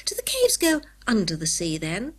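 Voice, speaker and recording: A woman's voice: mid-range voice, huge pitch swings, moderate pace. Earnest, proper lad, read by a woman narrator, trying to sound grown-up. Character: teenage boy, sensible and grown-up.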